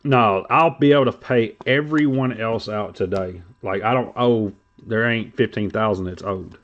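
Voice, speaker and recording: Give me a low-voiced man casually rambling and cracking crude jokes on a dull, lo-fi stream. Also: moderate pace. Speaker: host of a trading card break stream. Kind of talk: casual livestream chat.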